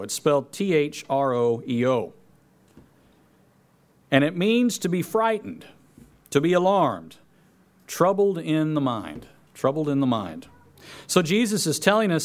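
A man's voice: on the high side, sing-song, slow. A man preaching a sermon, reading scripture aloud and repeating key phrases for emphasis. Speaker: pastor.

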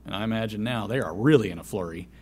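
A man preaching a sermon, who swings between loud emphasis and soft asides and repeats key phrases. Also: fairly low pitch, fast talker, slightly rough.

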